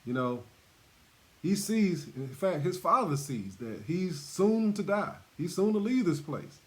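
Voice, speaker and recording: Guy teaching bible verses, sermon style, repeats himself a lot, animated voice. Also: sits high, a little slow. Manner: repetitive, emphatic, laughs between points.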